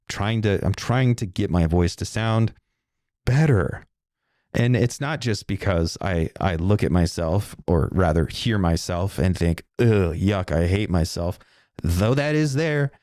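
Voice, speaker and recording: A middle-aged man with a deep, low voice talks alone into the mic, wandering from thought to thought. He swears freely and keeps it loose and casual. The sound is close and dry, with no room around it. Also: a little mellow, no echo. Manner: casual, profane, digressive. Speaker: podcast host. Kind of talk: rambling solo monologue.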